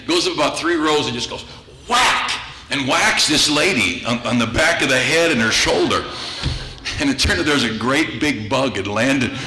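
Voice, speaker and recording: A man preaching to his congregation with a bright, forceful voice. He tells his stories with humor and chuckles often. He is recorded in an echoey church room with a faint hiss behind him. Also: mid-range voice. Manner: humorous, chuckles through anecdotes. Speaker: pastor. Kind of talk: storytelling sermon. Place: church sanctuary.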